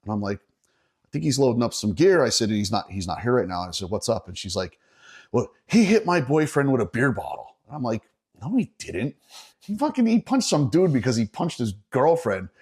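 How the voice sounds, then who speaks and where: A middle-aged man from Northeastern Pennsylvania tells an old gig story with loose, swearing energy. His voice sits at an ordinary pitch for a man, and he speaks in casual conversational storytelling with frequent restarts. He sounds like a guest chatting on a podcast. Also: fairly quick, slightly rough. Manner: animated, profane, laughing while telling a story.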